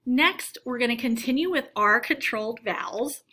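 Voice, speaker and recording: A woman teacher giving a recorded phonics lesson for children, reading words aloud slowly and deliberately for them to repeat. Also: on the high side, animated, sharp tone.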